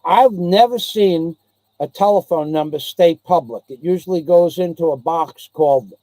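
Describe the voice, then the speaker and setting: A man's voice: on the high side, normal speed, dark tone, dry recording. Rambling older New man. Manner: rambling, repeats himself, mimics others' voices in anecdotes. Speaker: channel host. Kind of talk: rambling storytelling chat.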